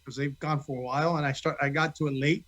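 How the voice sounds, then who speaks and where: A man chatting easily as an actor guest on a podcast, talkative and relaxed. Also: on the high side, fast talker. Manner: easygoing, talkative. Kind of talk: casual interview chat.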